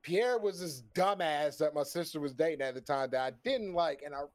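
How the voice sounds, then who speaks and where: Male storyteller, slightly high pitch, animated and profane, plays out the dialogue of his own anecdote. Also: a little fast. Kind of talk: casual storytelling on a stream.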